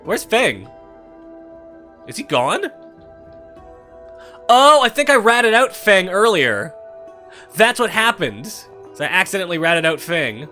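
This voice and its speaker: A young man giving irreverent let's-play commentary, animated and swearing freely. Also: high-pitched, slow pace, long pauses, faint music behind. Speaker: gameplay commentator.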